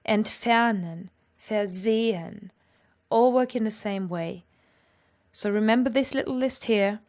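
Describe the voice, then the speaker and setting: A woman teaching a grammar lesson in a clear, patient, explanatory way. Her voice sits a little high. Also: normal speed, darkish tone. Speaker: language teacher.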